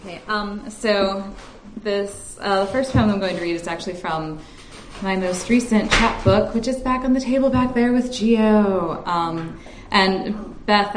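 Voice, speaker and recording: A woman poet at a live reading, chatting briefly with the audience and then reciting her poem in a measured way. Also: mid-range voice, noisy background. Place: stage at a live reading event. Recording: echoey room.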